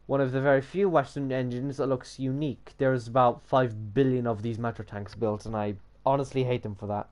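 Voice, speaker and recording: A man's voice: mid-range voice, steady tone, a little fast, few pauses, a little mellow. A young man giving casual gameplay commentary while building, sweary and sarcastic, often muttering to himself. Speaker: gamer building in a block game.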